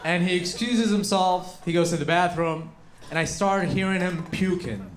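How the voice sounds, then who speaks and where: A young man from Yemen doing stand-up, telling a long story with punchy lines and deadpan asides to the crowd. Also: high voice, normal speed. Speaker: stand-up comedian. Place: comedy club stage. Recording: roomy club with loud crowd noise. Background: audience laughter and applause.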